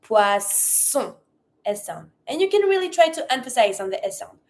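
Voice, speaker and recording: A woman's voice: high voice, fast. A woman who is a native French speaker teaching a French lesson. She drills pronunciation carefully and switches between English and French. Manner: energetic when demonstrating commands. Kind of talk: language lesson.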